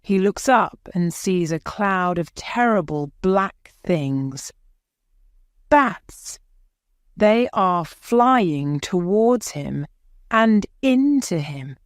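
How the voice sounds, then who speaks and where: A woman narrating a graded reader story in a slow, even, carefully pronounced way. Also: fairly low pitch, no echo, clean studio sound.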